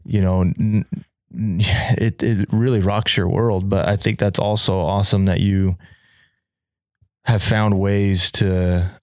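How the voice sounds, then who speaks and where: Co-host: man, lowish voice, dry close sound, encouraging and reflective. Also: flat delivery, takes it slowly, dry recording. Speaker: podcast co-host. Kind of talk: casual interview chat.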